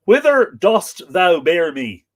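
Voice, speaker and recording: A man's voice: fairly high pitch, big pitch swings, moderate pace, fairly bright tone, pitched above the performer's own voice. A man reading aloud the lines of an amazed young woman, giving archaic words and then their plain sense.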